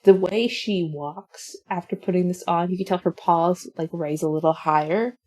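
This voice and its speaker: Woman gamer telling the scene, animated, says like a lot. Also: fairly low pitch, moderate pace. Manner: animated storytelling, lots of "like". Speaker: player. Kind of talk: casual tabletop game chat.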